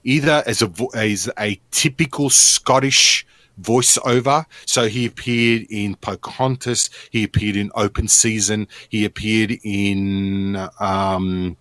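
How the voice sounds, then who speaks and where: A man's voice: on the low side, steady tone, slow pace, fairly bright tone, no room sound. A man co-hosting a podcast, explaining at length in casual chat with restarts and fillers. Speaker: podcast co-host.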